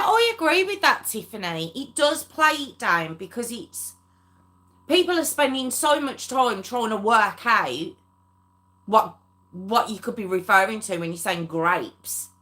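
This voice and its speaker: Hosting a true crime livestream, a woman talks casually with viewers, greeting them by name and laughing frequently. Her voice is a little high with a sharp edge.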